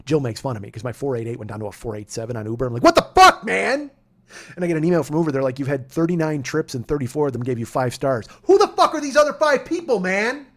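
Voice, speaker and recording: Fast-talking profane comedian man. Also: medium pitch, expressive. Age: 40s. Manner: profane, rambling, gets worked up and shouty. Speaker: podcast host. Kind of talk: casual storytelling.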